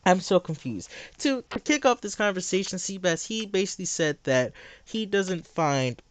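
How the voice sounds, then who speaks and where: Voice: medium pitch, lively intonation, moderate pace, no room sound. A livestreamer ranting to chat in a blunt, sarcastic, exasperated way, repeating phrases for emphasis.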